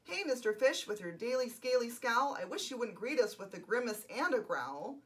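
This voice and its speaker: A woman voicing a gently floating male jellyfish in a children's storybook, chiding in a loud voice. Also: a little high, big pitch swings, normal speed.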